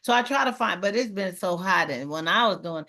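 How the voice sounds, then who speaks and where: A woman hosting a casual panel chat who talks in a lively way and acts out other people's lines in quoted voices. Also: on the low side, fairly quick. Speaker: host of a talk show panel.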